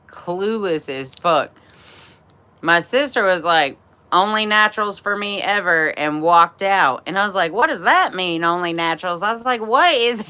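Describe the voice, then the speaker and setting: A woman's voice: deep voice, bright, forceful tone, smooth. A woman in her thirties telling a personal story to a live chat, swearing freely, laughing, and using lots of fillers. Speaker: livestream host.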